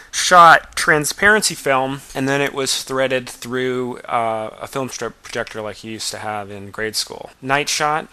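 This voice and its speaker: A man's voice: mid-range voice, sharp tone, clear, resonant tone. A man in his forties giving a wry, self-deprecating director's commentary on his own childhood film. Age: 40s.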